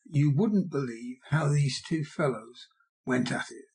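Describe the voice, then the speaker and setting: In a fairly high, slightly rough voice, a man narrates an audiobook, telling the story in a measured and expressive way.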